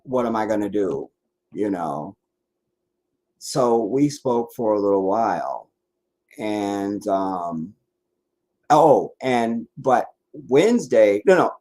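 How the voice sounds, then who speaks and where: Tired, husky-voiced man rambling casually. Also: on the low side, dark tone. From Washington DC area, US. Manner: meandering, many restarts and asides. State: tired, worn out. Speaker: livestream host.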